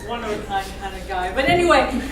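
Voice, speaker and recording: A woman's voice: on the high side, animated, fast. Middle-aged woman toasting in an echoey crowded hall. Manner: warm, laughing, storytelling. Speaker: mother of the groom giving a toast. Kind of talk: personal toast speech. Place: large banquet room. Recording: echoey hall, far mic, loud crowd.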